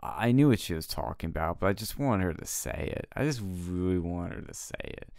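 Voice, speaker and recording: Male co-host, lowish smooth voice, dry close sound, animated storyteller. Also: brisk, no room sound. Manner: animated storytelling, laughing, mimicking people. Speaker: podcast co-host. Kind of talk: casual chat.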